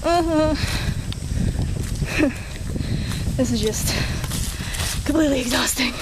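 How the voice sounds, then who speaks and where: A woman's voice: high-pitched, extremely slow, pauses often, very noisy. A young woman vlogging outdoors on a handheld camera, chatting to viewers in a rambling, giggly, self-deprecating way. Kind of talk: casual chat to camera. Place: outdoors in nature.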